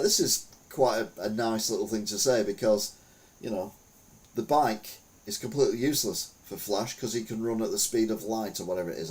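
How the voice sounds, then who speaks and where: A man's voice: fairly low pitch, darkish tone. A man hosting a podcast, chatting casually through the news with rambling, wry, self-mocking jokes. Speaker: podcast host.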